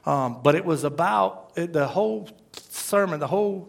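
A man's voice: on the high side, moderate pace, gravelly. Emphatic preacher man. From Florida. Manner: emphatic, repeats phrases, asks the crowd "right?". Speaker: pastor. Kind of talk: sermon.

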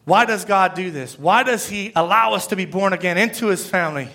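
A man's voice: sits high, fairly quick, few pauses, sharp tone. A middle-aged man preaching an earnest, emotional sermon with scripture readings. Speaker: pastor.

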